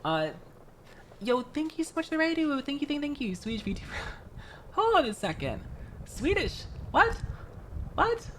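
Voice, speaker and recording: Chatty, animated young woman. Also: sits high, slight background noise. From Florida, United States. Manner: chatty, animated, quick laughs and restarts. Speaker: streamer. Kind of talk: casual livestream chat while building a model kit.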